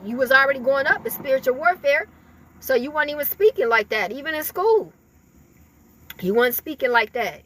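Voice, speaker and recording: A woman's voice: high-pitched, sharp tone. A woman giving a casual spiritual reading to her viewers, talking in a loose, rambling way full of fillers and laughter. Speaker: spiritual reader.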